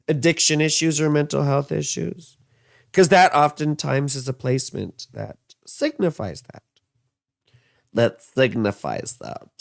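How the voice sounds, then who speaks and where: Man, thirties, chatty astrologer, casual rambling reading, dry close mic, gravelly edge. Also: a little high, dry recording. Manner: chatty, rambling, frequent fillers and asides. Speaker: astrologer and tarot reader.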